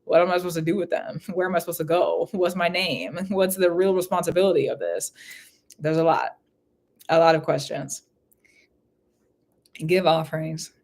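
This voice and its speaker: A woman's voice: lowish voice, fairly even intonation, normal speed, pauses often, a little mellow. A woman giving a live spiritual reading in casual chat, who laughs often and repeats phrases. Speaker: spiritual reader.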